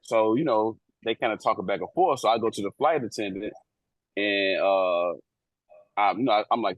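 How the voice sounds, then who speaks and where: On a poor, echo-free recording, a low-leaning male voice tells an airport-police work story, animated and brisk. He co-hosts the talk show and keeps it casual, slangy, and profane, impersonating the people he describes.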